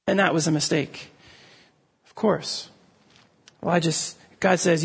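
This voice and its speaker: A man preaching a sermon, telling a story with many restarts and fillers, and dropping to a low, quiet voice for emphasis. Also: steady tone, measured pace, gravelly, breathy edge. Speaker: pastor.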